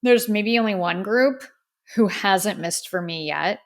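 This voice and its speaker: A woman's voice: medium pitch, unhurried. Female podcast host, candid and chatty, at a studio mic. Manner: candid, chatty, opinionated, with frequent fillers. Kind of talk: casual music review podcast. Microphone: studio microphone.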